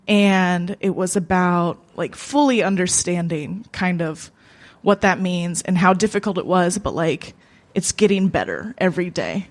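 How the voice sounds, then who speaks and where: A woman co-host telling a personal story at a live open mic in a small cafe, halting and emotional, full of fillers and restarts. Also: fairly low pitch, lively intonation.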